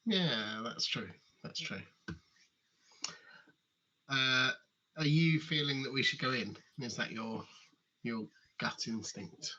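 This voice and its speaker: A man's voice: medium pitch, slow, long pauses, sharp tone, lo-fi sound. A man co-hosting a casual live gamebook play-through, agreeable and easygoing and often restarting his sentences. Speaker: co-host playing the gamebook.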